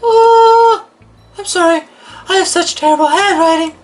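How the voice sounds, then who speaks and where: Shy schoolgirl reader, voiced by a man: much higher than his own voice, breathy, gentle and hesitant. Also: a little slow, soft background music. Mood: flustered, shy. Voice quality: high-pitched, breathy. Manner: gentle, thoughtful, a little hesitant. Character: shy, formal teenage girl, soft-spoken bookworm.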